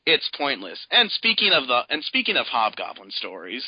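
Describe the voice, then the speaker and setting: Animated man ranting about comics, lo-fi. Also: mid-range voice, breathy edge, no echo. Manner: animated, fast, quotes characters in put-on voices. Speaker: podcast co-host. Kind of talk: casual comic book discussion.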